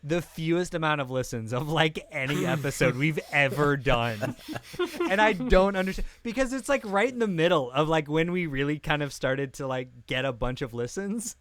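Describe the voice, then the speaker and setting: A man co-hosting a podcast in casual chat, animated, laughing often and talking with lots of filler words into a podcast mic. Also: on the high side, moderate pace, hardly any pauses. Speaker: podcast co-host. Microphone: podcast mic with pop filter.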